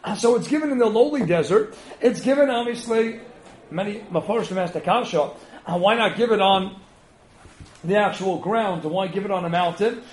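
A man's voice: sits high, normal speed, a little hiss or hum. A man giving a spirited Torah lecture, emphatic, posing rhetorical questions and answering them himself. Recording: roomy echo.

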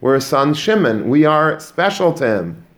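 A man giving a Torah lesson to students, animated, often repeating words and mixing in Hebrew and Yiddish terms. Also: fairly high pitch, normal speed. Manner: animated, repeats words while building a point. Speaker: Torah teacher. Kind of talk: religious lecture to students.

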